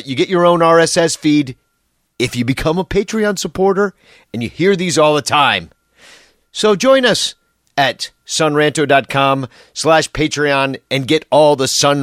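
A man hosting a casual solo sports podcast, rambling and sarcastic as he goes. His voice sits a little high, recorded dry and close. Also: measured pace, a bit bright, no echo. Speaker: podcast host.

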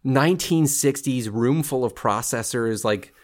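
A man's voice: medium pitch, unhurried. A man in his thirties talking as a guest on a podcast, enthusiastic and laughing often. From Southern California. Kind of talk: casual interview chat.

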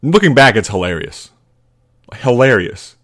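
A man's voice: medium pitch, very animated, measured pace, fairly bright tone. Rambling man telling a story. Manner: rambling, laughing, with many fillers and restarts. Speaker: podcast host. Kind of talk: casual storytelling.

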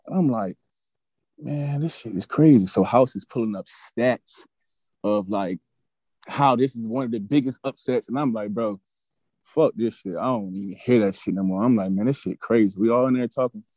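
A young man in his twenties tells a story in an animated, profane style, and he gets heated as he goes. His voice is dark and mellow. The podcast mic is dry and close. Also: lowish voice, moderate pace, dry recording. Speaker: podcast guest, former college football player. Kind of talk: casual storytelling.

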